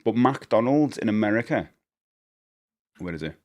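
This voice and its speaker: Chatty man with lively pitch. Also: unhurried. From United Kingdom. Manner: rambling, chatty, self-correcting, laughs often. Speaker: live streamer. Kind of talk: casual live-stream chat.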